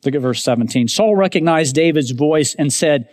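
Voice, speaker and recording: A man preaching a sermon as pastor, emphatic, rising to raised declarations and dropping to hushed asides while speaking directly to his congregation. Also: fairly high pitch, lively intonation, moderate pace, hardly any pauses. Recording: long hall reverb.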